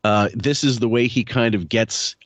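A man's voice: mid-range voice, fairly even intonation, moderate pace, no echo. A man co-hosting a podcast who talks casually, like a sales coach giving advice. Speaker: podcast co-host. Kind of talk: casual chat.

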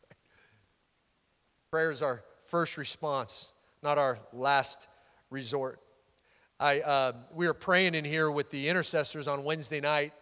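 Loud, excitable male pastor in a reverberant hall. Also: on the high side. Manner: loud, excitable, animated preaching with many restarts. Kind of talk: sermon. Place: church sanctuary.

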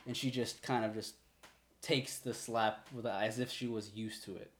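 A man narrating a tabletop game as game master in a loose, relaxed way. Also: medium pitch, measured pace. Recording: roomy echo.

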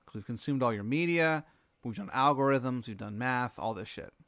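A brash, friendly male alien pitching a scheme in a loud, higher voice that jumps around, as a man puts him on. He sounds pushy and chummy in a dry, close recording. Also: normal speed, no room sound, lightly acted.

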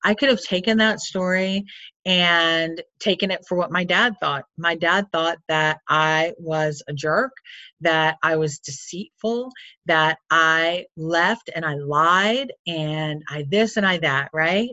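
Chatty low-voiced woman telling her story. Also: slow pace, sharp tone, no echo. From Florida. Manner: candid and chatty, full of "like" and asides. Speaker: coach or counselor. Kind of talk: personal storytelling. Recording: dull lo-fi sound.

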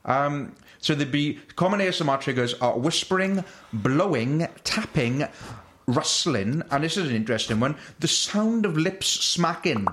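A man's voice: on the high side, animated, moderate pace, fairly bright tone. Chatty man explaining with frequent laughs. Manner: laughs often, explains at length with restarts. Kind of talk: casual comedic chat.

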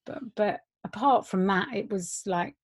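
A woman's voice: medium pitch, a little slow. A woman who worked in a care home, speaking plainly and bluntly in an interview.

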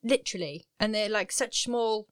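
A woman's voice: mid-range voice, normal speed, smooth, dry recording, studio quality. A young Welsh woman co-hosting a podcast in casual, playful chat, joking and laughing often. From Wales. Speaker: podcast co-host.

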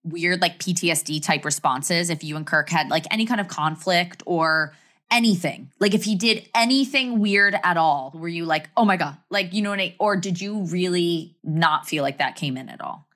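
A woman interviewing a guest casually, supportive and quick with affirmations. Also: on the low side, fairly bright tone. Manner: supportive, with frequent short affirmations.

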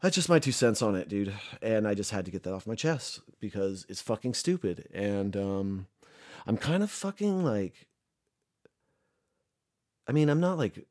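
A man's voice: on the low side, very animated, normal speed, a little mellow. A young man, a recovering addict, ranting casually and angrily, swearing a lot and rambling with many fillers. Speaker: recovering addict sharing his views. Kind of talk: casual rant to camera.

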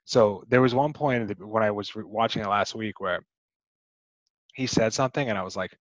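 A man's voice: lowish voice, fairly even intonation, normal speed, fairly bright tone, dry recording, muffled recording. A man co-hosting a podcast, chatting casually about a movie, rambling with many restarts and fillers. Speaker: podcast co-host.

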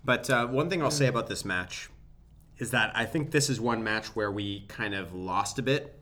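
This man co-hosts a casual podcast. His tone is bright and forward. He talks animatedly and often cuts in. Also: fairly low pitch, normal speed. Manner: animated, talks over others. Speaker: podcast co-host. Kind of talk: casual chat.

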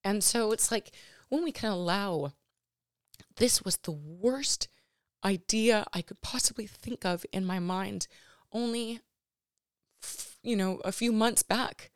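A woman's voice: medium pitch, slow, long pauses, no room sound, clean studio sound. A woman hosting her own podcast, talking earnestly and emotionally about her life, with lots of fillers and restarts. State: near tears at times. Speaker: podcast host. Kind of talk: personal reflective monologue.

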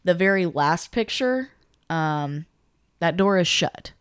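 Low-voiced woman telling a story. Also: takes it slowly, clean tone, no room sound, studio quality. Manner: animated storyteller, acts out quotes. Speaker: podcast co-host. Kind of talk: casual chat retelling a video.

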